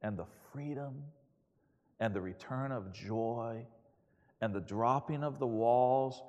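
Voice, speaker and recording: A middle-aged man preaching a sermon, telling a personal story in a candid, self-mocking and animated way. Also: mid-range voice, takes it slowly, lo-fi sound. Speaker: pastor. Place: chapel. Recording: echoey hall reverb.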